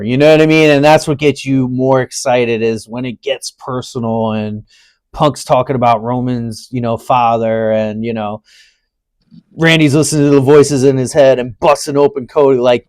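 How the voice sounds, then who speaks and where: A man's voice: mid-range voice, darkish tone, no echo. A man co-hosting a wrestling podcast, chatting casually in a laid-back, slangy way. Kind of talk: casual chat.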